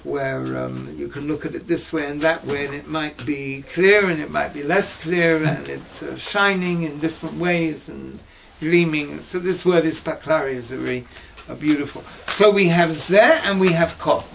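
A man teaching mystical texts in a slow lesson over a video call, hesitant and searching for words with fillers and restarts. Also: vocal fry, fairly bright tone. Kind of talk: slow explanatory lesson with many pauses. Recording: dull low-fi audio with faint noise.

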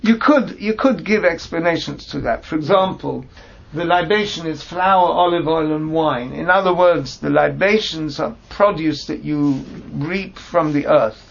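A man teaching a Torah class, reading Hebrew phrases and translating them into English with halting restarts. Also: a little high, gravelly. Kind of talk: text study class. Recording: dull lo-fi recording.

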